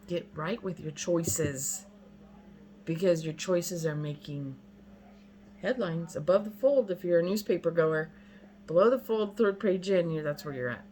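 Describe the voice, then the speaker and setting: A woman in her fifties ranting to camera, blunt and exasperated, hammering her points again and again. Her voice sits a bit low for a woman. A faint hum of ambience runs underneath. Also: a little slow, dark tone, rough recording. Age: 50s. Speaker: vlogger. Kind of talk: casual rant to camera.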